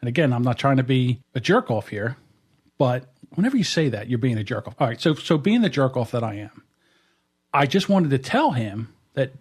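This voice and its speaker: A man's voice: mid-range voice, big pitch swings, a little fast, slightly rough. A man hosting a podcast in casual chat, a blunt, rambling storyteller talking into a studio mic. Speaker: podcast host. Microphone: dynamic studio mic.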